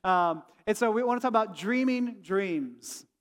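A man's voice: sits high, expressive, normal speed. A man who is a pastor, giving a sermon in a conversational way and often asking the room "right?". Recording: long reverb of a large hall.

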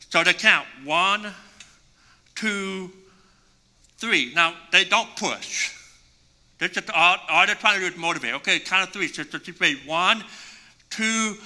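Animated preacher man in an echoing hall. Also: high voice. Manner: animated storytelling, voice swings from hushed to shouting. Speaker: pastor. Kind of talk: sermon. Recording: long reverb in a large hall.

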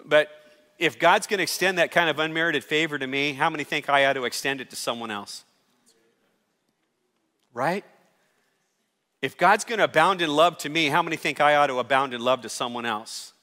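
Male pastor, sermon, high bright voice, long hall echo. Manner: emphatic, conversational preaching with rising calls. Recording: hall reverb.

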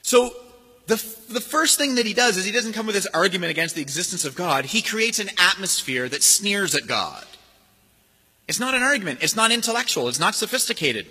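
A man preaching a sermon in a church, lively and expressive, mimicking sneering voices as he makes his points. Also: high-pitched, fairly quick, slightly rough. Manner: animated, acts out sneering voices. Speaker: pastor. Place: church sanctuary. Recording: long hall reverb.

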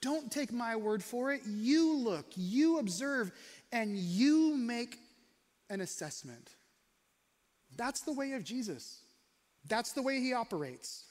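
Man, pastor, high voice, conversational sermon, long hall echo. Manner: conversational, questioning, varies pace for emphasis.

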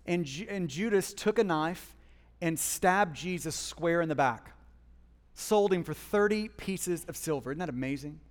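A man preaching a sermon as pastor, with passionate swings between hushed and loud emphasis, speaking in a church. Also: fairly high pitch, a little slow, in a large hall. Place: church hall.

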